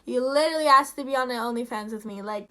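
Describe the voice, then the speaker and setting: A woman's voice: a little high, fast, fairly bright tone. A young woman YouTuber ranting to camera in a heated, profane, casual way, full of fillers.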